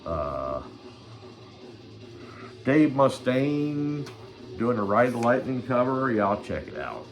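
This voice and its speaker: Swearing man ranting, very lively pitch. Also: takes it slowly, long pauses, faint music behind. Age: older. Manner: crude, rambling, swears constantly. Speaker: channel host. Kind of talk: rambling profane vlog rant.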